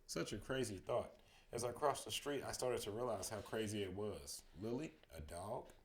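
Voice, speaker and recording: A man reading a children's chapter book aloud as a bedtime story, steady in the telling and livelier on the quoted lines. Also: on the low side, normal speed, a little hiss or hum.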